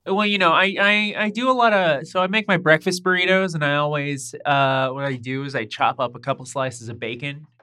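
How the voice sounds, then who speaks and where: A woman co-hosting a casual podcast from home, chatting in a rambling way and getting loud when excited. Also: sits low, brisk, few pauses, clear, resonant tone. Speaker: podcast co-host. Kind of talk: casual chat. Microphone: home mic over a voice call.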